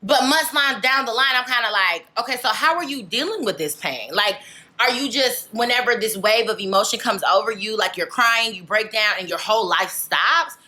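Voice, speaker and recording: Bright-voiced young woman, candid chat. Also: fairly high pitch, expressive, moderate pace. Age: young adult. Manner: candid, rambling, lots of "like" and "legit". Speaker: vlogger. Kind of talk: casual chat to camera.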